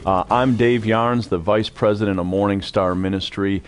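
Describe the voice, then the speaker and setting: A man's voice: lowish voice, steady tone, normal speed. A man hosting a ministry talk show, earnestly encouraging the audience and prompting his guest. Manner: earnest, exhorts the audience directly.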